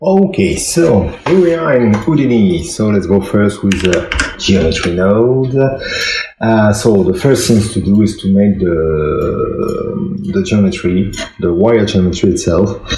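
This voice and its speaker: A man with a French accent, a non-native speaker, walks through a software tutorial, hesitant and full of fillers, recorded on a phone microphone. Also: lively intonation, measured pace, background noise. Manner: hesitant, many fillers, talks through steps. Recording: echoey room, low-quality phone mic, soft music.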